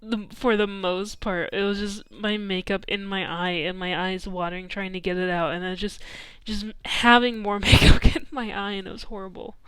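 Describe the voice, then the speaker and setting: A woman's voice: mid-range voice, fairly even intonation, normal speed, few pauses, fairly bright tone, clean tone, dry recording, studio quality. A young adult woman streamer telling a story in casual chat, full of "like" and "um" and frequent laughter. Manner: chatty, peppered with "like" and "um", laughing often.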